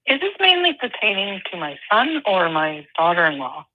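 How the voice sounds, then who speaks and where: A woman's voice: medium pitch, big pitch swings. Older woman calling in on a dull phone line. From North Carolina. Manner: hesitant, halting. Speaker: caller.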